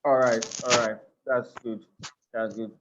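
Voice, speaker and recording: A man's voice: medium pitch, level tone, a little slow, highs cut off, noisy background. A man with a Nigerian accent teaching a live online class. He speaks earnestly, often repeats and restarts his phrases, and checks in with his listeners. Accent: Nigerian English. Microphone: video call.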